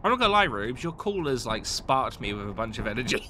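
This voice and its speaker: Excitable streamer with a wildly swinging pitch. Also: fast talker, background noise. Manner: chatty, excitable, swears casually. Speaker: live streamer. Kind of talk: casual live gameplay commentary.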